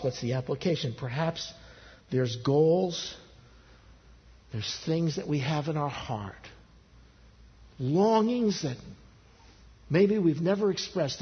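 A man preaching a sermon as pastor, earnest, his pitch rising on pleading questions and dropping low and soft for intimate appeals. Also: lively intonation, unhurried, long pauses. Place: church sanctuary. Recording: husky voice in a long-reverb church hall, dull lo-fi sound.

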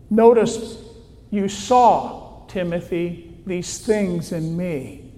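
Slow, high-voiced preacher in a reverberant hall. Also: male voice, expressive, dark tone. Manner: slow, deliberate preaching with emphatic pauses. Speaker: pastor. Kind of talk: sermon.

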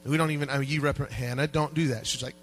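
A man preaching a sermon as pastor in a church, animated and joking with the congregation, dropping to quiet asides and rising to loud peaks. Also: medium pitch, fast, a little hiss or hum, poor audio. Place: church sanctuary.

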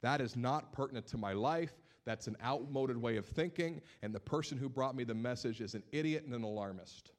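A male pastor preaching a sermon, telling stories in an animated way and repeating words as he builds his points. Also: medium pitch, brisk, hardly any pauses.

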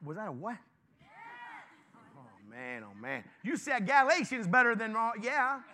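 A male pastor giving an informal, lively sermon and joking with his congregation. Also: high voice, measured pace, slight background noise.

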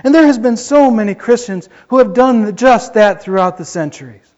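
A male pastor preaching with fervor, his voice pitched high for a man and swelling into yells when he gets worked up. The recording is dull and lo-fi, like an old church tape. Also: normal speed. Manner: fervent, rising to yelling when excited. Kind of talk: sermon.

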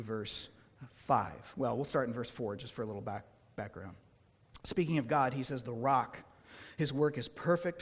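A man preaching a sermon as pastor, animated, sometimes acting out the people he quotes. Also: a little high. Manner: animated, acts out quoted complaints. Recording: long hall reverb.

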